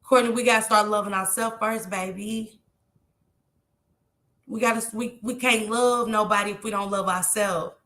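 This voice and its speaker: A woman's voice: medium pitch, fairly even intonation, moderate pace, fairly bright tone, roomy sound. A tearful woman, talking heartfelt and repetitive to her viewers on a live stream.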